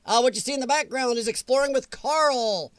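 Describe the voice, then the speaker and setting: A man hosting a casual live-stream chat from his computer, rambling and grumbling about a software update. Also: very high-pitched, fairly quick, dry recording.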